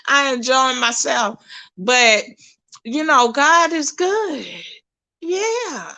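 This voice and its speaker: A middle-aged woman, chatting with viewers on a livestream in a folksy, animated way. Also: high-pitched, takes it slowly. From Texas, USA. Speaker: livestream host. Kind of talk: casual chat with viewers.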